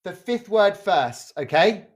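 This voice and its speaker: Slow, lively-pitched charades leader on a video call. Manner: slow, checks in with "okay?" after each clue. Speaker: community drama workshop leader. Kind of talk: leading a charades game over video call.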